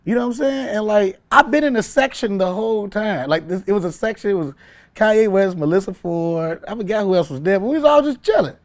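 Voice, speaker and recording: Animated laughing male comedian storyteller. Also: high voice, fairly quick. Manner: animated storyteller, laughs often, acts out voices. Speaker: comedian guest. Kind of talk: storytelling in an interview.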